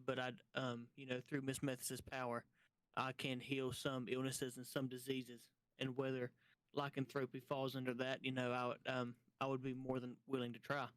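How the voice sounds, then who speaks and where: A man playing a tabletop game, speaking earnestly and politely in halting phrases. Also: mid-range voice, fairly bright tone, clean tone, poor audio. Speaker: player. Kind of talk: in-character tabletop play.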